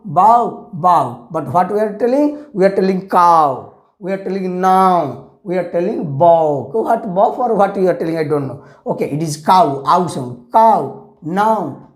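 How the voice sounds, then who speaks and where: A man teaching English vowel sounds, drilling each word over and over and slipping in Hindi words. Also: high-pitched. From India. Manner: repeats each word many times, slow and drilling. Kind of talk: classroom phonics lesson. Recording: echoey room.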